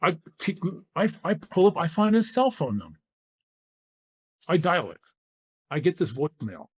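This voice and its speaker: A man's voice: fairly high pitch, wildly swooping pitch, moderate pace, slightly rough. An older man from California, a former football player, telling his story as a podcast guest and acting out the dialogue he quotes.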